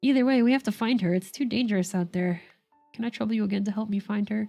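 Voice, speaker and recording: A woman's voice: mid-range voice, fast, gravelly, mellow, soft background music, close to an everyday voice. A woman voicing an earnest, remorseful young man who is an older brother, reading the lines aloud in her own voice.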